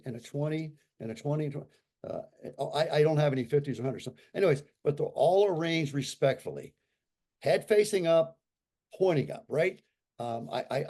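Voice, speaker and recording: A man in his sixties, a guest on an interview, who talks in an animated and emphatic way and repeats his points for effect. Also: fairly high pitch. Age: 60s. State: recovering from a stroke. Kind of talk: casual conversational talk.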